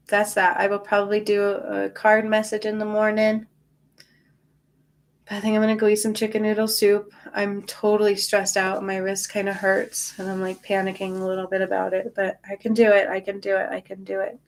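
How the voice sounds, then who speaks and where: A tired woman hosting a spiritual livestream, chatting casually and answering viewer comments in a reassuring way. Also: mid-range voice.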